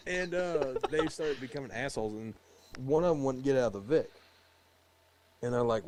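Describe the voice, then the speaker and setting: A man's voice: mid-range voice, normal speed, pauses often, a little mellow, rough recording. A young man with an ordinary mid-range voice chats casually. He tells a rambling, profane tale with lots of fillers and frequent laughter. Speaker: soldier telling a story. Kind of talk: casual chat.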